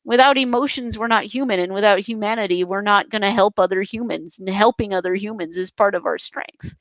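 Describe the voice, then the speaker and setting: A woman's voice: medium pitch, fairly quick, dry recording, highs cut off. A young adult woman speaking passionately and emphatically as a podcast guest, with frequent restarts. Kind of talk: casual interview chat.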